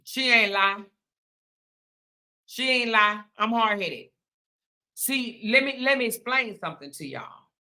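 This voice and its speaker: Woman commentator, sarcastic, repetitive, bright voice, fairly high pitch. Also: lively intonation, slow pace, pauses often. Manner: sarcastic, repetitive, mocking, emphatic. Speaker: commentary channel host. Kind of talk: ranting commentary monologue.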